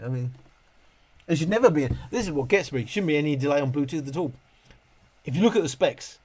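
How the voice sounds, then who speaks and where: A man hosting a casual live stream, reading chat questions aloud and ranting with frequent laughs. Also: fairly high pitch. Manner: animated, ranting, laughs often. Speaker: livestream host answering chat questions.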